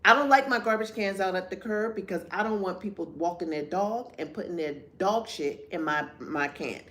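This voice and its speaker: Blunt, animated woman telling a story. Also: mid-range voice. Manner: animated storytelling, acts out quotes, blunt and profane. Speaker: podcast co-host. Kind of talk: candid casual chat.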